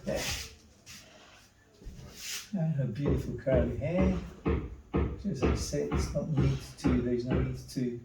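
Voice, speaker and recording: A man, an artist, quietly talking through his charcoal drawing in short murmured remarks as he works. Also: mid-range voice, takes it slowly, vocal fry, pauses often, over loud music. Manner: terse murmured step-by-step remarks while working. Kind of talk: drawing demonstration narration. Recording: echoey room, distant mic.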